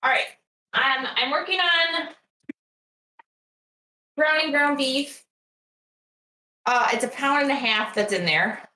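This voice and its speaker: A woman's voice: high-pitched, takes it slowly, long pauses, bright, forceful tone, far from the mic. A woman chatting in a home kitchen while cooking, practically explaining each step. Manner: practical, explains recipe steps. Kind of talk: casual cooking stream chat. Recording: roomy kitchen with faint noise.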